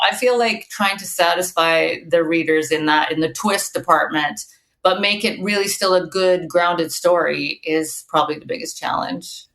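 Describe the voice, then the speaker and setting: A woman with a fairly low voice, talking as a podcast guest. Her delivery is chatty and anecdotal, full of fillers and small restarts. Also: moderate pace, a bit bright. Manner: chatty, storytelling with many fillers. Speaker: guest author. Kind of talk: casual podcast conversation.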